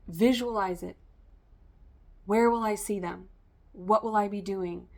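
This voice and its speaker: A woman's voice: medium pitch, fairly even intonation, measured pace, vocal fry, a little mellow. Woman tarot reader talking straight to camera, loose and rambling, full of "um" and "like". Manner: rambling, stream-of-consciousness, many fillers. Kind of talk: casual spiritual reading to camera.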